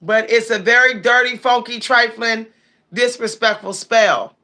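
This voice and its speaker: A woman hosts a casual livestream, chatting and reading viewer comments aloud. Her voice is a little high with a sharp tone, and she's unhurried.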